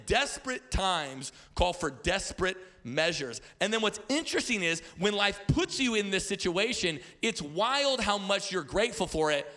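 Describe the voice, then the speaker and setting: A man's voice: high-pitched, normal speed, hardly any pauses. A man in his thirties preaching as a pastor in a church, telling stories with playful asides and stammered repeats. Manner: animated storytelling with playful asides. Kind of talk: sermon. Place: church auditorium.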